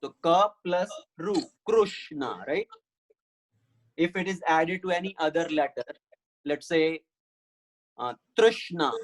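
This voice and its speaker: A man's voice: a little high, measured pace, long pauses, low-quality recording. A man teaching a Sanskrit class online, patiently explaining step by step and answering questions.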